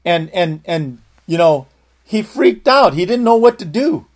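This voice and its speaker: A man's voice: sits high, animated, a little slow. A man preacher telling a personal testimony in a sermon, earnest and full of restarts. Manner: earnest storytelling, frequent restarts.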